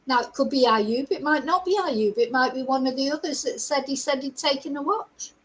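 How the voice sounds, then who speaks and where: A woman's voice: high voice, brisk, a little hiss or hum, rough recording. A middle-aged woman, hosting a chatty live-stream commentary, reading out news and asking her viewers rhetorical questions. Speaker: host.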